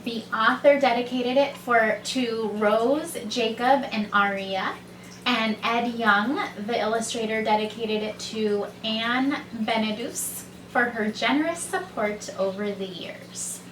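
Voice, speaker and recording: Slow, bright-voiced woman reading a story aloud. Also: a little high, slight background noise. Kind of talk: children's story read-aloud. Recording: echoey room, mic far off, faint ambience.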